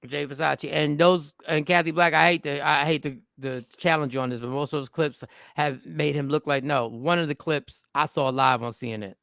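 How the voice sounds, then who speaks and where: A man's voice: a little high, fairly even intonation, normal speed, vocal fry, few pauses, a bit bright, no room sound, clean studio sound. A man hosting a casual talk show, arguing emphatically in slangy speech and repeating words for stress. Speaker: show host.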